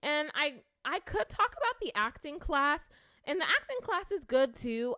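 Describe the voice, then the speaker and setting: A woman's voice: fairly high pitch, sharp tone, dry recording. A young woman rambling casually through her thoughts, with lots of fillers and restarts. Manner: chatty, filler-heavy, self-conscious, restarts often. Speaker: video creator.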